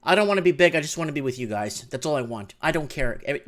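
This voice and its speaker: A man hosting a live call-in show from his home, talking in an animated rant that swings between low mutters and loud outbursts. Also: rapid-fire. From Canada. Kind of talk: excited casual live-stream rant. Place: home room with window open.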